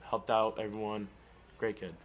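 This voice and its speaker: Man speaking haltingly, flat low voice, faint hum behind. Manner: halting, many fillers. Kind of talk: interview comment.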